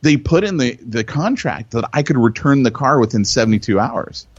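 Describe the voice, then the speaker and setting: A man's voice: medium pitch, moderate pace, breathy edge, no room sound. Guy on a podcast getting all worked up telling a story, dull dry sound. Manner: excitable, acts out quotes loudly, repeats himself. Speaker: podcast co-host. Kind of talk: animated storytelling chat.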